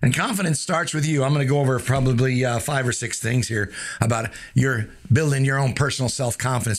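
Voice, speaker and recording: A man hosting a casual motivational talk, folksy and joking, with lots of fillers. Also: mid-range voice. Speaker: host of a motivational show. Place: streaming live.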